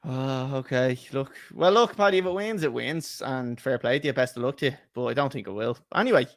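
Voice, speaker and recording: A man's voice: medium pitch, brisk, no room sound, studio quality. A man co-hosting a football podcast, chatty and laughing, swearing freely in casual banter. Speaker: podcast co-host. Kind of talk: casual chat.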